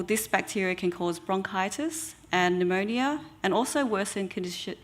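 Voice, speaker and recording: A woman, an oral health therapist giving an educational talk in a measured way with frequent ums. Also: mid-range voice, a bit bright.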